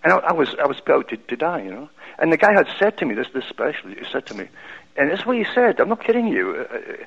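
Gravelly Scottish man, animated, lo-fi radio. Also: fairly high pitch, quick pace. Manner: animated, with many restarts. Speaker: radio guest. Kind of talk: telling a personal story. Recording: lo-fi radio broadcast.

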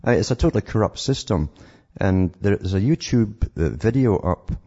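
A man's voice: fairly low pitch, animated, moderate pace, mellow, breathy edge, dull audio. A man hosting a call-in radio show, talking in an indignant, rambling way and often repeating words. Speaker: radio talk show host.

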